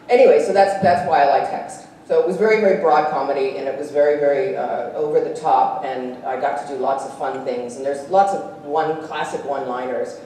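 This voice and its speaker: An actress speaking at a convention panel, animated and quick to laugh as she tells stories and acts out voices. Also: sits low. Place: convention hall stage. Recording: echoey hall, distant, faint hiss.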